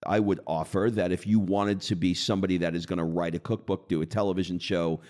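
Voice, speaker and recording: A man co-hosting a podcast, explaining an exercise in a casual, coaching way and slowing down for deliberate readings. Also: deep voice, steady tone, a little mellow. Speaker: podcast co-host. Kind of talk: casual conversational teaching.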